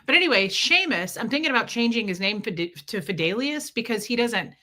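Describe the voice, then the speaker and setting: A woman's voice: fairly high pitch, animated, fairly quick, pushed and bright. A woman chatting casually on a livestream, rambling from story to story and greeting viewers by name.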